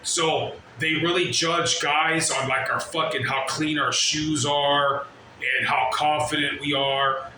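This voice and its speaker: Slow and level in tone, a man's slightly high, pushed, bright voice carries a profane, rambling reaction rant. He swears constantly, talks brashly and strays onto tangents; the room is very echoey and there's slight noise.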